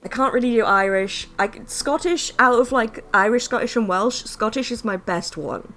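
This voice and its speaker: A woman chatting her way through a live-streamed game. Her pitch swings up and down a lot as she talks. She is self-deprecating and swears casually, with soft game music faint behind her. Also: expressive, normal speed. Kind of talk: live-stream gameplay commentary.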